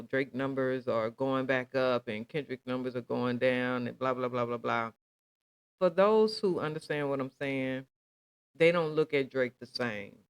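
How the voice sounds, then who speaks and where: A man talking casually to his audience, rambling along and checking in with them often. His voice is smooth and resonant, easygoing and unhurried in manner. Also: medium pitch. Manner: relaxed, rambling, chatty with many fillers. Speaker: vlog host. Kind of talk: casual chat.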